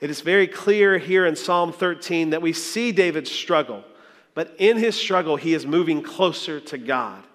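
A man's voice: a little high, normal speed, a bit bright. A man preaching a sermon as a pastor, earnest and reflective, telling stories with small restarts. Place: church sanctuary. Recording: long hall reverb.

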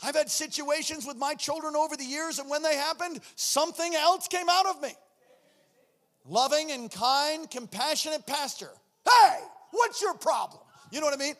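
High-voiced, shouting male pastor. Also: moderate pace. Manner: loud, impassioned preaching, often shouting. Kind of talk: sermon. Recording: long hall reverb.

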